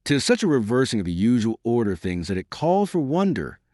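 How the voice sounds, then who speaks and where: A man playing an ironic gentleman who speaks gravely and dryly. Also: medium pitch, sing-song, brisk, dry recording, natural voice. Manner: dry, ironic. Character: ironic, gloomy gentleman adventurer.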